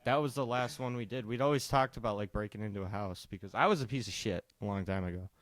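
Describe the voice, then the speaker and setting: A young man co-hosting a podcast, telling a story casually and profanely, quoting people in a lowered voice. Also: fast talker, no room sound. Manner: profane, laid-back, quotes people in a lowered voice. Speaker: podcast co-host.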